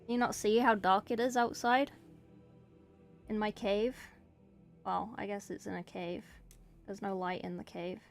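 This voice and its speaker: A woman's voice: medium pitch, fairly even intonation, unhurried, vocal fry, pauses often, soft background music. Chatty woman streamer, New Zealand tinge. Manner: chatty, joking, self-mocking. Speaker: streamer and miniature painter. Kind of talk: casual live-stream chat answering viewers. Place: dark room at home at night.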